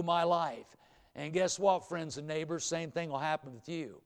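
A man's voice: a little high, moderate pace, clear, resonant tone. A man preaching a sermon to a hall audience in a folksy way, repeating phrases for emphasis and leading call-and-response. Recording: long hall reverb.

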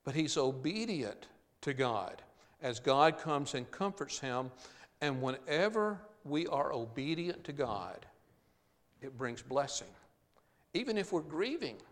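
A man's voice: on the high side, big pitch swings, slow, long reverb tail. A man preaching a sermon, reading scripture aloud and then explaining it plainly with the odd uh. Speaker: pastor.

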